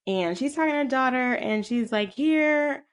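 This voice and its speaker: A woman casually recapping a film, rambling with filler words and quick asides. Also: fairly high pitch. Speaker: co-host retelling a film. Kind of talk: casual chat.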